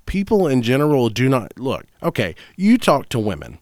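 A man's voice: medium pitch, huge pitch swings, normal speed, darkish tone, no room sound, studio quality. A man co-hosting a casual podcast chat, arguing his point and acting out little bits of dialogue. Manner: argumentative, acts out quoted dialogue with exaggerated voices. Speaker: podcast co-host.

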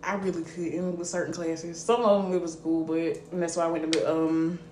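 A young woman podcast co-host, telling an animated, profane story in casual chat and laughing often. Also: lowish voice, moderate pace. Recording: echoey room with faint ambient noise.

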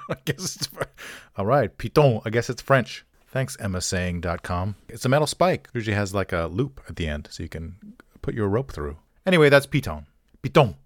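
With a lowish voice and lively intonation, the male pronunciation host moves along at a normal speed, joking wryly and mocking himself in passing. There's no room sound at all, just clean studio audio.

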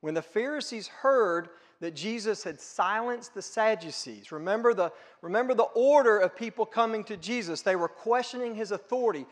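A man's voice: sits high, lively intonation, normal speed, few pauses, long reverb tail. A man pastor delivering a sermon, earnest and conversational, asking rhetorical questions.

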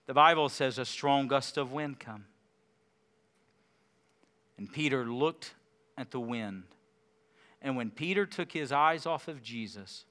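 A man with a medium-pitched voice preaches a sermon, alternating loud emphasis with hushed, quiet lines and putting questions to the congregation.

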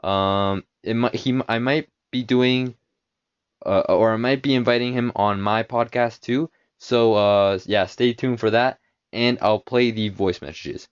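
A man's voice: medium pitch, steady tone, unhurried, clear, resonant tone. A man hosting his own podcast in a casual, rambling way, full of fillers and restarts. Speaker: podcast host. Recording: dull lo-fi home recording.

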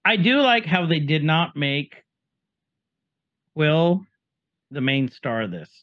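A man co-hosts a casual podcast, chatting eagerly about scenes he loved in a movie. His voice is a touch higher than most men's. The sound is dry and somewhat dull. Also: very animated, takes it slowly, no room sound. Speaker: podcast co-host. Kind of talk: casual movie recap chat.

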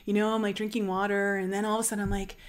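A young adult woman earnestly recounting a personal experience on her channel, animated and full of "like" fillers. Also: medium pitch, very fast. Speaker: channel host sharing a personal story. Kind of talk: emotional personal storytelling.

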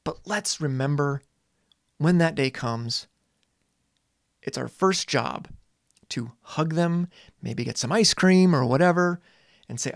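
A man in his forties, a teacher and parent, talking earnestly and casually with dramatic pauses and some swearing. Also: a little high, no echo, clean studio sound. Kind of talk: reflective monologue.

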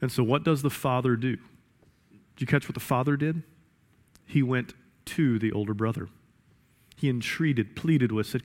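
Emphatic preacher in an echoing hall. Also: male voice, medium pitch, measured pace, long pauses. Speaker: pastor. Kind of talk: sermon. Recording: echoey hall reverb.

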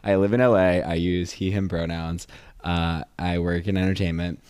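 A man in his twenties co-hosting a podcast, telling stories in a casual, animated way and acting out voices. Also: low voice, moderate pace, clear, resonant tone, no echo, studio quality. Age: 20s. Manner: animated storyteller, acts out voices, laughs often. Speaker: podcast co-host. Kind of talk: casual chat.

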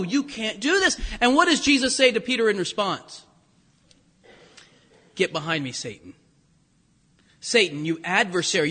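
A man preaching a sermon, telling animated stories and acting out quotes. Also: high-pitched. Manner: animated storytelling with laughs and acted-out quotes. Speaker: pastor. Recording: long hall reverb.

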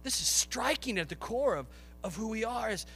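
Fired-up preacher guy, high voice, sharp and bright, shouting bits in a big reverby church. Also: animated, moderate pace, gravelly, slight background noise. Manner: passionate, shouting at peaks, acts out biblical voices. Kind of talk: sermon.

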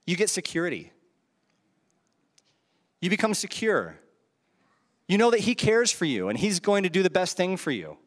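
A man's voice: high-pitched, sing-song, normal speed, long pauses. A man preaching a sermon into a handheld microphone, conversational, with rhetorical questions and chuckles at his own asides. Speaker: pastor. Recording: reverberant hall.

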